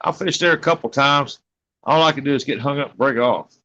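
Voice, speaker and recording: A man's voice: medium pitch, a little fast, sharp tone. Laid-back man on a call. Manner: laid-back, drawling, folksy. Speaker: caller on a video call. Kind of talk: casual chat. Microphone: phone on a video call. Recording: muffled video-call line.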